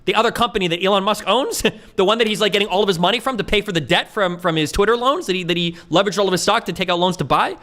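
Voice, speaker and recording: A young man hosting a stream, arguing in an exasperated, profane, rapid-fire rant. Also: high-pitched, bright, forceful tone. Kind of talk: heated casual argument.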